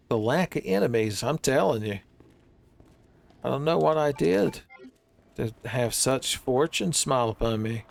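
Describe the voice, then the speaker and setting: A man's voice: mid-range voice, vocal fry. A man giving rambling, joking commentary while he plays a video game, peppering his talk with "son" and bits of silly wordplay. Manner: rambling jokey riffing, calls viewers "son". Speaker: gaming streamer.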